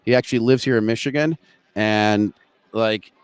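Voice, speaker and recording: Excitable male show host, smooth dry voice. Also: lowish voice, normal speed, no echo. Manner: excitable, joking, scattered restarts. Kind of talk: casual live market show chat.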